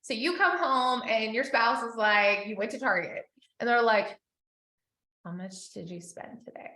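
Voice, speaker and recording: A woman coaching business owners in a live session, chatty and animated, acting out the people she quotes. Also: a little high, echoey room.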